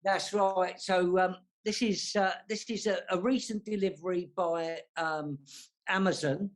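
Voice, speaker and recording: His high voice stays fairly even in intonation and unhurried as this sixty-something South Londoner chats on a video-call panel. A casual guest, he is self-deprecating and keeps restarting what he says.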